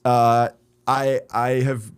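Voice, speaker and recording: A man who is a comedian and podcast host, telling long, rambling stories in casual chat. His voice sits at a medium pitch. It is recorded close and dry. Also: level tone, slow, smooth, dry recording. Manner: rambling anecdotal storytelling.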